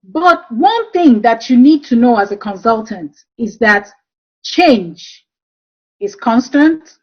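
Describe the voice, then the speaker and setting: A woman speaks in a slightly high voice over a dull, lo-fi video call. She talks through a webinar presentation, telling stories from her work and pausing often on "um". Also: lively intonation, slightly rough. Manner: warm storytelling with frequent um fillers. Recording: dull lo-fi online call audio.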